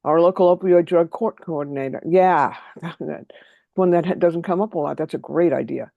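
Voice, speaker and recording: A trainer giving an online workshop, talking quickly and keeping the audience involved by asking them for answers. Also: medium pitch, vocal fry, no echo, highs cut off. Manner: lively, quick and engaging, invites answers from the audience.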